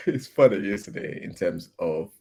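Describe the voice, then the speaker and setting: A man's voice: low-pitched, lively intonation, measured pace, warm tone, slightly rough. A man hosting a reaction video, giving a thoughtful, reflective commentary. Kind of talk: casual commentary.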